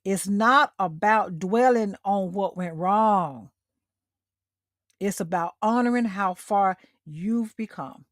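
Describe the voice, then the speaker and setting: A woman's voice: mid-range voice, slow pace, no echo, clean studio sound. A middle-aged woman hosting a motivational livestream talk, speaking directly to her listeners and repeating her key lines for emphasis. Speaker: host.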